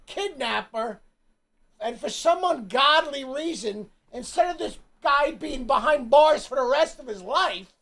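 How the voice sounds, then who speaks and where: A man's voice: very high voice, expressive, a little slow, gravelly, fairly bright tone. A man reacting on a live stream, outraged and swearing freely. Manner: outraged, profane.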